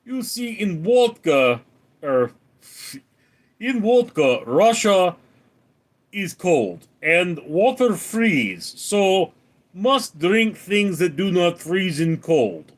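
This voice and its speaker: A man's voice: sits high, sing-song, very slow, pitched above the performer's own voice, full character voice. A man putting on a broken-English Russian guy. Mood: mock-serious. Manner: broken English, dropped articles. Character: mock Russian man praising vodka.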